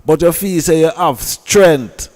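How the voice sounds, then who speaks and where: A man's voice: fairly high pitch, slow, a little mellow, in a large hall. A man with a Jamaican accent who scolds and preaches in a heated commentary rant, repeating himself. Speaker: online commentator.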